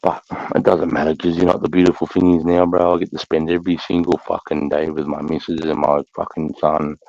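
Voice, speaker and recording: Blunt Australian ex-army host, extremely low and gravelly, dry lo-fi mic. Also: male voice, little pitch movement, a little fast, a little mellow, no room sound. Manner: blunt, swears a lot, calls people mate and bro. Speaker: livestream host, army veteran. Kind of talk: casual livestream chat. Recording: dull lo-fi sound.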